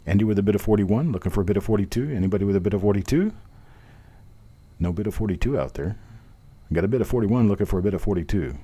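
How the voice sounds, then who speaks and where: A man runs a live online coin auction, calling out bids in a steady, rhythmic patter. His voice sits low and sounds warm and relaxed. Between lots he chats and jokes at his own expense. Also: fast, breathy edge. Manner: chatty, self-deprecating, rhythmic bid calling. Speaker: auctioneer host.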